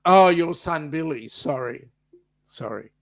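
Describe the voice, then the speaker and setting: Co-host: Australian man, unhurried, rambling chat. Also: a little high, expressive, creaky. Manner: rambling, chatty, reads out viewer comments. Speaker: co-host of a live chat stream. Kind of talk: casual live-stream chat.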